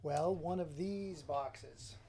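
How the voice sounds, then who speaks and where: A man's voice: fairly high pitch, slow, creaky, heavy background noise. A man hosting a casual live stream, chatting to viewers and greeting them by name. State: runny nose. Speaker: livestreamer.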